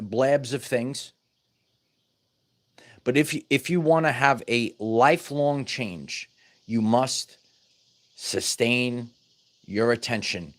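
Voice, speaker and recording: Emphatic man teaching spiritual wellness. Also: mid-range voice. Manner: emphatic, repeats words, many restarts. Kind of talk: casual spiritual teaching monologue.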